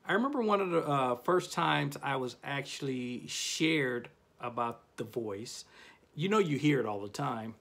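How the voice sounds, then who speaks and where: A man, a self-help author and host, giving a casual motivational talk to camera and telling stories with big swings in pitch and loudness. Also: lively intonation, unhurried, vocal fry.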